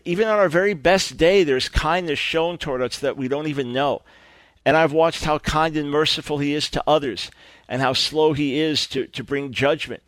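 A man's voice: medium pitch, fairly bright tone, no room sound. A middle-aged man preaching earnestly, stressing points with repeated emphatic phrases. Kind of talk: sermon-style radio teaching.

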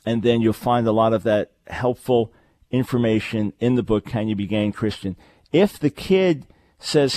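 A man's voice: lowish voice, moderate pace, darkish tone, dry recording. A man hosting a call-in radio show, talking in an earnest, emphatic way and repeating phrases for stress. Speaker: radio talk show host. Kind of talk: call-in radio advice and announcements.

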